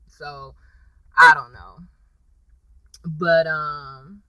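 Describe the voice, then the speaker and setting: A woman's voice: low-pitched, little pitch movement, extremely slow, sharp tone, no room sound, low-quality recording. A woman, casually recapping a TV episode for viewers, chatty and sassy, calling them y'all.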